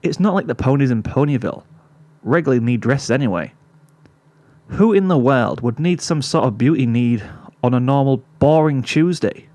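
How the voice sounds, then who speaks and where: A man reading a pony fan story aloud as narrator, in a steady storytelling manner. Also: medium pitch, normal speed, dry recording.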